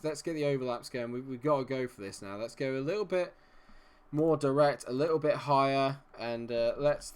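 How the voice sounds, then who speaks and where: A young man from Dorset with a Dorset English accent, commentating a live football game stream in a chatty, self-deprecating way, humming and muttering to himself between plays. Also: medium pitch. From England, Dorset. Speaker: gaming streamer.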